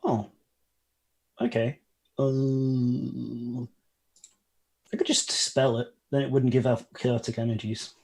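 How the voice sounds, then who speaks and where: A man's voice: medium pitch, level tone, slow, creaky, long pauses, darkish tone. A man playing a tabletop game, casual and hesitant, with many ums. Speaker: player.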